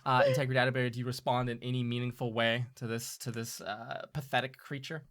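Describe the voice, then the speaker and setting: A man's voice: medium pitch, level tone, fast, fairly bright tone. A man narrating as game master in a casual, chatty way, laughing often.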